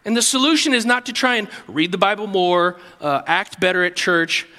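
A man preaching a sermon to his congregation, earnest, dropping soft and low for quoted prayers and rising for exhortation. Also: normal speed, in a large hall. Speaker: pastor. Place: church.

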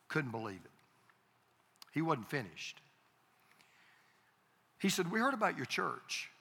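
A male pastor tells a story from the pulpit, stumbling over repeated starts and leaning on emphatic pauses. His voice sits a little high and rings bright. It carries a long reverb from the church hall around him. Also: breathy edge. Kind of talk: sermon storytelling.

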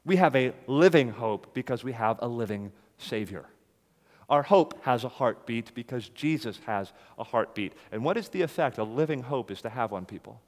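A man preaching a sermon to a congregation, emphatic, rising louder on key phrases and dropping low after them. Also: animated, normal speed, long reverb tail.

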